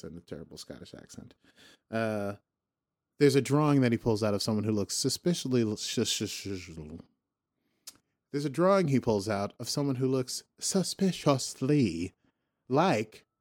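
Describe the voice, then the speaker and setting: A man's voice: mid-range voice, lively intonation, moderate pace, darkish tone. A man hosting a podcast, casually recapping a TV episode in a rambling, joking way, often correcting himself. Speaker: podcast host.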